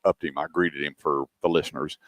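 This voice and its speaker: A man's voice: very deep voice, brisk, no echo. A man hosting a car-business radio show, telling stories and acting out what people said. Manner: animated storyteller, acts out quotes. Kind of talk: casual talk radio chat.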